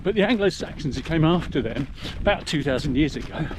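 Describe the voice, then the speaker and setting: A man's voice: fairly high pitch, animated, a little fast. A middle-aged man giving a chatty, explanatory commentary while running a muddy rural trail. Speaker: vlogger. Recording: noisy outdoor recording.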